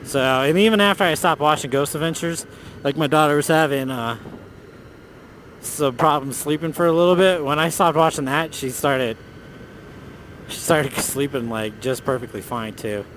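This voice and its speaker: A man with a slightly high voice tells a ghost story in a loose, animated, profane way. He talks while riding a motorcycle outdoors, and a faint hiss of road noise runs underneath. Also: moderate pace. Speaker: motovlogger. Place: outdoors on a motorcycle on city roads.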